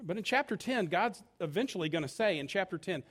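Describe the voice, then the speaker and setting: A man's voice: high voice, animated, brisk, a bit bright. A middle-aged male pastor preaching a sermon with emphatic delivery, acting out quotes along the way.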